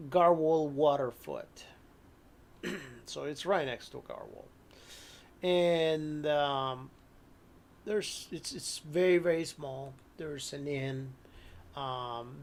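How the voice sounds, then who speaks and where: A man narrating as game master of a tabletop horror game, unhurried, with many ums and frequent throat clearing. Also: medium pitch, darkish tone, a little hiss or hum.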